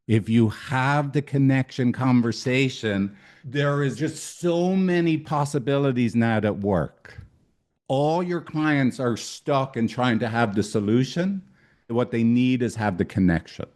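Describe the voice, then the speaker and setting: A man from Ireland, a couples therapist, telling a story in an animated, emphatic way with lots of swearing and repetition. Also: mid-range voice, unhurried. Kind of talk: storytelling talk.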